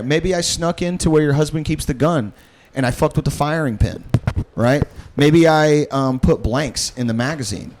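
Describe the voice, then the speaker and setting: A man in an improvised comedy bit, sliding into a low, creepy murmur as he spins a menacing monologue. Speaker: podcast co-host.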